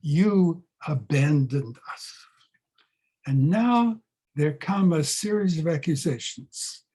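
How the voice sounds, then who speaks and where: A man's voice: a little high, animated, slow pace, warm tone, breathy edge. An older man, a rabbi, teaching a scripture class in a dramatic way, repeating key words for emphasis. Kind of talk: slow, emphatic scripture lesson.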